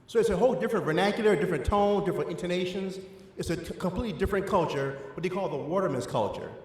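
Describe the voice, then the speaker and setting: A man's voice: high voice, racing, darkish tone. A man with an Eastern Shore of Maryland accent teaching an adult church class, stressing his points with a voice that climbs and drops for emphasis. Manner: emphatic, rising and falling for stress. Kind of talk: adult education lecture. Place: church hall. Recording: echoey hall with long reverb.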